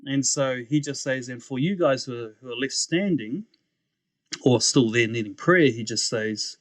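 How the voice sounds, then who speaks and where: A young man at an ordinary mid pitch tells his story as a podcast guest, speaking casually and animatedly at a moderate pace. He laughs often and acts out the voices of the people he quotes. The recording is dry and close, with no room echo.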